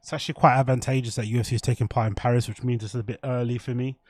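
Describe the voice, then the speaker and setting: A man hosts a casual livestream, rambling loosely to viewers in slang with plenty of swearing. His medium-pitched voice has little pitch movement and a darkish tone, and he talks at a racing pace; the sound is clean studio audio with no echo.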